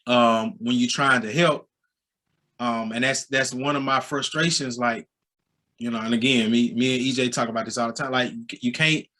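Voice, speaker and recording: Animated Southern basketball coach in his forties. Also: medium pitch. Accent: Southern American. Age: 40s. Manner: storytelling, gets loud and animated when excited. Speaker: high school basketball coach. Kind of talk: casual interview conversation.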